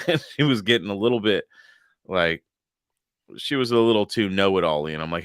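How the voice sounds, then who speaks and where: A man's voice: low voice, fairly quick, pauses often, smooth, no echo, studio quality. A man co-hosting a casual podcast chat, swearing freely and laughing often as he rants. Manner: profane, laughs a lot, animated. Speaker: podcast co-host.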